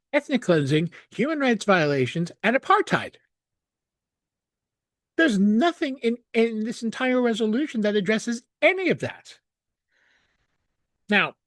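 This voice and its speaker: A man's voice: sits high, no echo, studio quality. A man hosting a news analysis show, giving solo commentary on a document in an indignant, sarcastic and emphatic way with frequent restarts.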